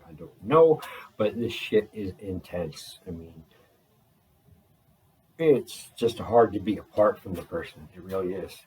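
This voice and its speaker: A man talking in a rambling video journal, holding back a restless energy and slowing himself down on purpose. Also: deep voice, animated, dark tone, distant mic, a little hiss or hum, low-quality recording. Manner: restless, deliberately slowed and restrained delivery; frequent fillers and restarts. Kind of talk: rambling personal journal talk. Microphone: laptop.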